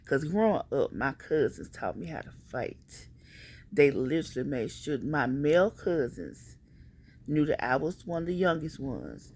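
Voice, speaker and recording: A woman telling a personal story in a casual, animated and emphatic vlog style. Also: sits low, a little slow, husky.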